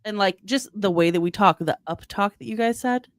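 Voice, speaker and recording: A woman's voice: mid-range voice, a little fast, dry recording, clean studio sound. A woman co-hosting a comedy podcast, giving blunt, teasing, offhand replies. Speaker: podcast co-host. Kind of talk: casual comedic podcast banter.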